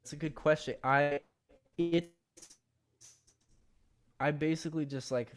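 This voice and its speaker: A young man tells a story in a relaxed conversation. He is animated and laughs as he goes, slipping into quoted voices of himself and others. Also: fairly high pitch, unhurried. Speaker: guest. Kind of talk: casual storytelling.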